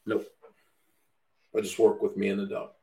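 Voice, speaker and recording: A man's voice: fairly low pitch, completely flat delivery, moderate pace, warm tone. A middle-aged man, a dog trainer, talking in casual podcast chat, blunt and profane, mimicking other people's voices as he rants.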